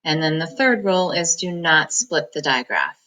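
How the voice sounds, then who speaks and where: A woman reading teacher giving a phonics lesson, slowly breaking words into syllables and sounds in a patient, encouraging manner. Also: low-pitched, expressive, sharp tone, low-quality recording.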